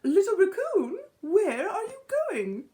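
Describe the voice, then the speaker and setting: A woman voicing a caring raccoon mother in a storybook read-aloud, gently scolding. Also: extremely high pitch, very animated, slow pace, voice pushed up, full character voice.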